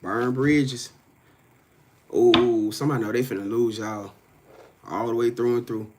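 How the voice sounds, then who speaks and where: This male tarot reader talks a little slowly, his medium-pitched voice fairly even, over a noisy background. Reading cards live for viewers, he keeps speaking straight to them, cursing, stressing points, repeating himself and often breaking into laughter.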